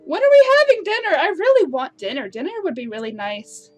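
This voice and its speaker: A woman's voice: extremely high pitch, wildly swooping pitch, brisk, voice pushed up, full character voice. A woman voicing a blank-eyed, doll-like young girl who whines about dinner in a sing-song way. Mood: eager.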